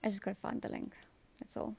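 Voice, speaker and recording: A woman's voice: fast, warm tone. A South African woman chatting casually on a live stream from home, answering viewers by name with dry sarcasm. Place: at home, kids' TV in another room.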